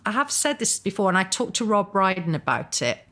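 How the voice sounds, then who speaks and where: A middle-aged Welsh woman, an author and actor, chatting as an interview guest and telling stories with animated character voices. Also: mid-range voice, fairly quick. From Wales. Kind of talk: casual interview chat.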